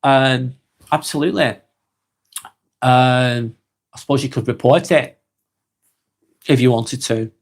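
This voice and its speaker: Speaking slowly with frequent pauses in a mid-range voice, a man from England runs a live stream and reads out comments from viewers. His replies are blunt and dismissive toward trolls, peppered with ums and repetition.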